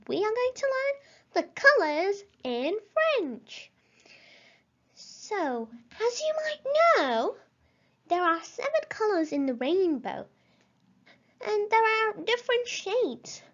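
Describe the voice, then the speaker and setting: A woman teaching a language lesson, pronouncing words carefully and encouraging the listener to repeat after her. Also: very high-pitched. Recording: slightly dull lo-fi recording.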